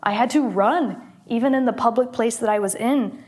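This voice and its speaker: A woman's voice: fairly high pitch, normal speed, a little mellow. Encouraging woman coaching a movement exercise. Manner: encouraging, laughs often, breathy exhales between cues. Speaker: health coach. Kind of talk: guided movement instruction.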